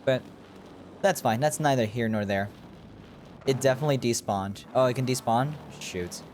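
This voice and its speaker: A man's voice: mid-range voice, moderate pace, a little mellow, a little hiss or hum. A man streaming a video game, thinking aloud in casual commentary and chatting with his viewers. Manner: rambling, thinking aloud while playing; chats with viewers.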